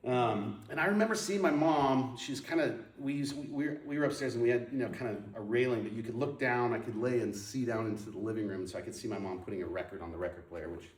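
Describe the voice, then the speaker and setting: A man tells a personal story to a group, chatty and full of restarts and filler words. His voice sits at an average pitch and carries a roomy echo, picked up from some distance away from the mic. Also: fast, hardly any pauses. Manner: storytelling, animated, lots of ums and restarts. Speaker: speaker sharing his testimony. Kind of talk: personal testimony talk. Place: moved to Portland in the nineties.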